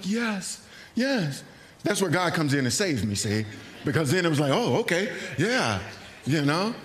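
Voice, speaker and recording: Earnest man preaching a sermon. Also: on the high side. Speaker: pastor. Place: church sanctuary.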